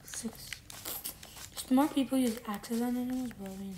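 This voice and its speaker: Speaking at a moderate pace in a higher-pitched voice, this woman rambles through casual gameplay commentary and corrects herself as she thinks aloud. Loud background noise and clicks fill the recording.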